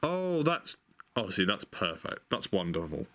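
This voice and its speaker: A man in casual chat as a vlogger, excitable, thinking aloud, exclaiming and swearing now and then. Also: fairly low pitch, a little slow. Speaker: vlogger showing stationery.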